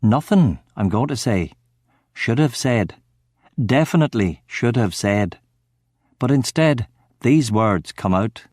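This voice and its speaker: Measured male audiobook narrator. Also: medium pitch, lively intonation, darkish tone, no echo, studio quality. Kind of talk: first-person audiobook narration.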